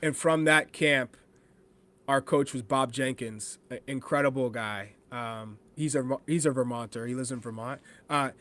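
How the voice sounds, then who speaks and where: A man from New Hampshire who is a former pro soccer forward, talking as a podcast guest in a casual, animated way and quoting himself as he tells stories. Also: medium pitch, measured pace. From New Hampshire, USA. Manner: animated storyteller, laughs often, quotes himself. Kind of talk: casual podcast chat, storytelling.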